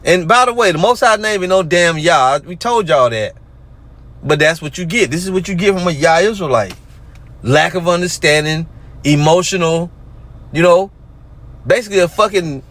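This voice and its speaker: A man's voice: high voice, fairly bright tone. A man, ranting in a casual monologue and reading scripture aloud between mocking remarks. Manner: rants and mocks, reads verses aloud. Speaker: religious group commentator.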